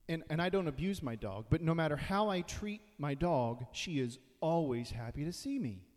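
A man's voice: fairly high pitch, expressive, normal speed, hardly any pauses, darkish tone. A man preaching a sermon in a conversational way, now and then acting out quoted voices. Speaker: pastor. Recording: long hall reverb.

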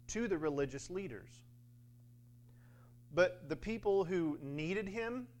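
Casual-talking man giving a sermon. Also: on the high side. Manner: conversational, with filler words and acted-out quotes. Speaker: preacher.

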